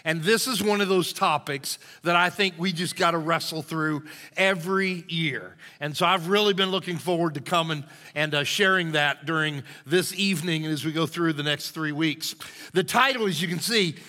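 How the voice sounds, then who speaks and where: Brief: male pastor, bright, fairly high voice, hoarse, folksy sermon delivery in a reverberant sanctuary. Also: moderate pace. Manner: folksy, conversational, storytelling. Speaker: lead pastor. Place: church sanctuary. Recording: long reverb of a church hall.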